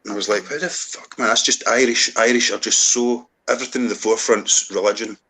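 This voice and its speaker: A Scottish man telling stories in casual chat, lively and swearing freely. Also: fairly low pitch, fast, husky. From Scotland. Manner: animated, swearing, storytelling. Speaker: co-host.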